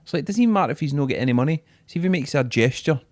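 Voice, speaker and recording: A man's voice: fairly high pitch, expressive, rapid-fire, darkish tone, dry recording. Laid-back Scottish man, dry sound. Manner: laid-back banter, swears freely. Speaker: podcast co-host. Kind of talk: casual chat.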